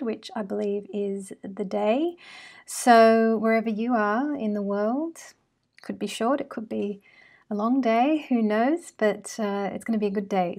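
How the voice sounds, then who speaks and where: A woman with an Australian accent tinged with British and American sounds talks straight to her viewers. Her voice sits at an ordinary middle pitch, and her talk runs loose and friendly, full of ums and asides. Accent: Australian with British and American traces. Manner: chatty and warm with frequent fillers. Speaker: astrology channel host. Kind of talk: casual monologue to camera.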